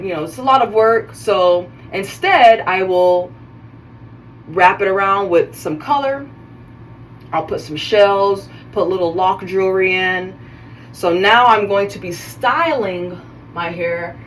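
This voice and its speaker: A woman's voice: mid-range voice, far from the mic, low-quality recording. A woman hosting a casual self-care video, chatting while she styles her hair and often stopping to correct herself mid-sentence. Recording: voice a bit off-mic, faint background noise.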